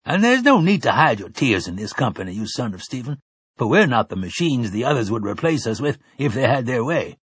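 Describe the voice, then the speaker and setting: A man's voice: medium pitch, very animated, fairly quick, husky, no echo, pitched above the performer's own voice. A man voicing a kindly old man who speaks in a raised, earnest way.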